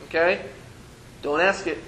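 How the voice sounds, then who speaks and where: A man's voice: a little high, steady tone, measured pace, sharp tone, poor audio. A man teaching a Hebrew reading lesson to a class, patiently sounding out syllables and teasing his students playfully.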